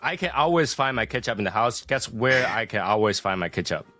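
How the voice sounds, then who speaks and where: A man's voice: mid-range voice, expressive, fairly quick, pushed and bright, no room sound, faint music behind. A man co-hosting a casual podcast, explaining things patiently and teasing the others. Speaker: podcast co-host. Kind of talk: casual chat.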